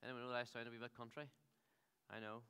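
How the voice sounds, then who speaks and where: Male pastor in his thirties, jokey rambling sermon, crisp bright voice, theatre hall reverb. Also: medium pitch, completely flat delivery, fast. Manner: humorous, rambling storyteller.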